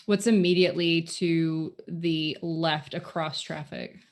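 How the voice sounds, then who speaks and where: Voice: mid-range voice, fairly even intonation, slow pace. A player at a tabletop game, asking the game master questions, hesitant and full of fillers. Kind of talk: casual play at a tabletop game.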